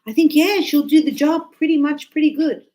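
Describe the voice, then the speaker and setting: Aussie woman teaching to a class, chatty, kinda high voice, does bird noises to explain stuff. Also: moderate pace, low-quality recording. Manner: chatty, animated, imitates birds and students. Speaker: English teacher.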